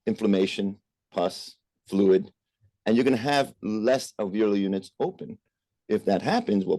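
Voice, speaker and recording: A man's voice: fairly low pitch, a little mellow, dry recording. A man giving a virtual medical lecture, explaining step by step with frequent "uh" and "right?" checks. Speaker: physician lecturer. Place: remote presentation over a call.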